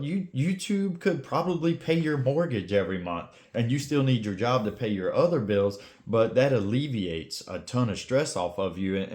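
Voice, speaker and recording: A man's voice: on the low side, darkish tone. A man talking to camera in a blunt, casual pep-talk style, full of slang, urging viewers to start a channel. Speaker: YouTube creator giving advice.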